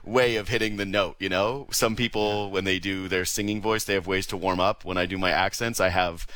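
A man co-hosting casual sports talk, animated and quick to laugh. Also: sits low, dry recording. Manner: animated, laughs often, slips into joke voices. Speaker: sports radio co-host.

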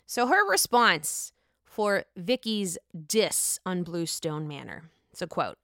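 A woman's voice: lowish voice, very animated, slow, a bit bright, no room sound, clean studio sound. A young woman hosting casual reality TV gossip commentary, sassy and profane.

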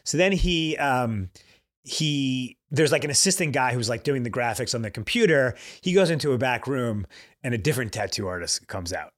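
Lively man telling a story. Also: mid-range voice, normal speed. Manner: animated storyteller, filler-heavy. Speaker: podcast co-host. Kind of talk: casual chat.

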